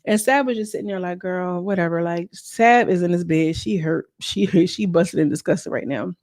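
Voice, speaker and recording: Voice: mid-range voice, moderate pace, darkish tone, no room sound, studio quality. A vlogger recapping a reality show in a casual, slangy, gossipy way, talking straight to the viewers. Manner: slangy, chatty, addresses viewers as girl. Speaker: show reviewer.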